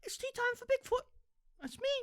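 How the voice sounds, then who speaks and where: A man's voice: sing-song, moderate pace, a bit bright, heavily acted. A man putting on a tiny prim British Bigfoot. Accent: fake British. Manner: high, dainty, jokey.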